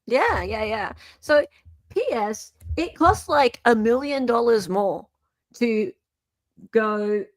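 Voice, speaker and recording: Chatty Australian woman with a lively voice. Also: fairly high pitch. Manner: chatty, teasing and quick to react. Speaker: podcast co-host. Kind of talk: casual chat.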